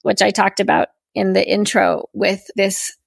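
A woman's voice: mid-range voice, steady tone, a little slow, gravelly, dry recording, clean studio sound. A woman podcast host, recounting a personal experience in a reflective, storytelling way and voicing her own thoughts as quotes.

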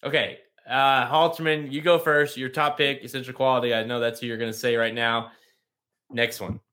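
A man hosting a casual podcast chat with a bright tone. He rambles a little, full of fillers and restarts. His pitch sits in the middle. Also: little pitch movement, normal speed. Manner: loose, rambling with many fillers. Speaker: podcast host.

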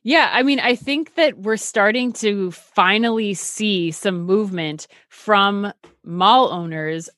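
A woman's voice: medium pitch, slow, a bit bright, dry recording, studio quality. A woman in her thirties co-hosting a retail news show, enthusiastic and emphatic as she chats casually. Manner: enthusiastic, emphatic, repeats words for stress.

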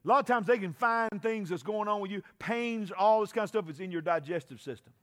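A man preaching a sermon, often shouting and calling for responses from the congregation. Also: high-pitched, brisk. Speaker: pastor.

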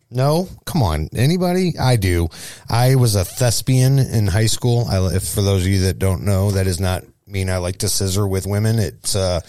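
A man's voice: fairly low pitch, no echo. Joking St. Louis man on a dry studio mic. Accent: St. Louis, Missouri. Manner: joking, lively, with playful asides. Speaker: show co-host. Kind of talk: casual local news chat.

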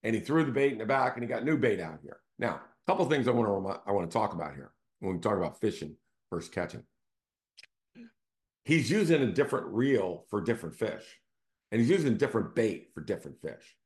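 A man's voice: lowish voice, very animated, fairly quick. A man hosting his own show, talking in a casual, conversational storytelling way and often checking in with his listeners. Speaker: real estate team CEO hosting a show.

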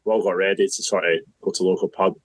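A young man from Scotland telling a story in a relaxed, teasing way, chuckling as he goes. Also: sits low, racing, dry recording, poor audio. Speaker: groom-to-be guest. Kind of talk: casual storytelling chat.

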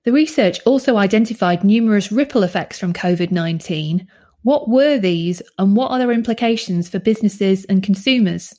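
A woman interviewer asking measured, plainly worded questions. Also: mid-range voice, dark tone.

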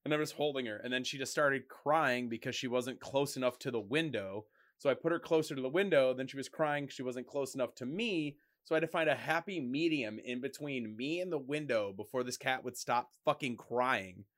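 A man telling stories in a loose, casual way, peppered with likes and curses. His voice sits at an ordinary pitch. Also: a little fast, few pauses, a bit bright. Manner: loose, heavy swearing, lots of likes. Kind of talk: casual chat, storytelling.

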